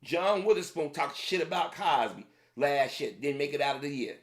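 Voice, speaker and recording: A man's voice: fairly high pitch, normal speed. Man ranting in a heated tone. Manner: heated, repetitive, addressing the audience directly. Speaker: commentator. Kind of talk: opinion rant to camera.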